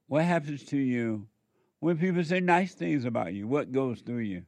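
A man giving a preachy spoken monologue, repeating rhetorical questions and pausing for answers. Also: medium pitch, expressive, a little mellow, no room sound. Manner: acts out quoted back-and-forth dialogue. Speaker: speaker addressing listeners.

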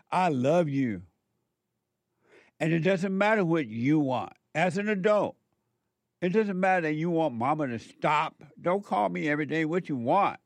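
A man's voice: medium pitch, dry recording, natural voice. A man voicing an angry, smothering middle-aged mother who insists on her love with possessive scolding.

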